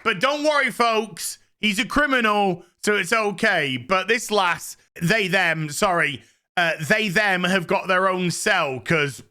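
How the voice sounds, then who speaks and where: A man's voice: high voice, unhurried, bright, forceful tone. A man ranting sarcastically in a show review vlog. He is exasperated and swears often.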